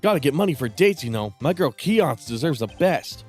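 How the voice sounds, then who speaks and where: Man putting on a goofy boastful young guy, a bit higher, video game character. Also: sing-song, normal speed, darkish tone, faint music behind. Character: goofy young man, lovestruck hot dog seller.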